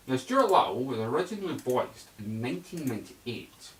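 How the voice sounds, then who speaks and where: A chatty male voice actor running through a casual impressions demo, his pitch moving lively up and down. He hops between put-on voices. The recording sounds roomy, with the mic set a fair distance away.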